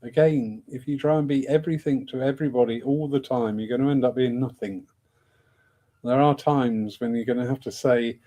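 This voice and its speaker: A man's voice: mid-range voice, fairly even intonation, fairly quick, warm tone. A man hosting a discussion evening, chatting in a rambling, self-mocking way and laughing often. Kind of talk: casual rambling talk.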